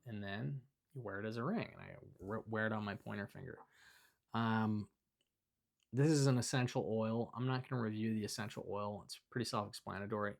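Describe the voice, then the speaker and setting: A young man chatting casually as he reviews things around his house, rambling with lots of fillers and self-corrections. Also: lowish voice. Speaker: video creator reviewing his belongings. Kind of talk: casual off-the-cuff review chat.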